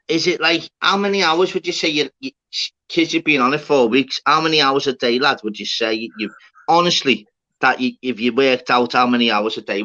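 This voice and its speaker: A man's voice: mid-range voice, sharp tone. A Scouse man hosting a live stream, chummy and chatty, calling his guests lad and mate. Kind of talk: casual live stream chat. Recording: dull lo-fi stream audio.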